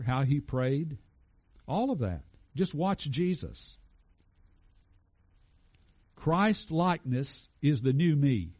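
A man's voice: mid-range voice, darkish tone, lo-fi sound. A man preaching a conversational sermon and asking his congregation questions. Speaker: pastor.

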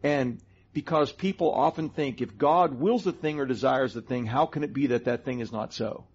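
A man's voice: medium pitch, moderate pace, slightly rough. A middle-aged man co-hosting a Christian teaching talk, earnestly explaining doctrine step by step. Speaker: co-host of a Christian teaching show. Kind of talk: conversational Bible teaching. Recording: dull lo-fi sound.

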